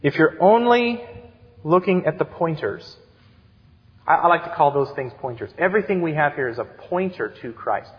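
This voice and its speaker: A man in his thirties preaching a sermon as youth director, telling stories with animated, acted-out voices, heard in a church sanctuary. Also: on the high side, normal speed. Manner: animated storytelling, acts out excited voices. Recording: dull sound with long church reverb.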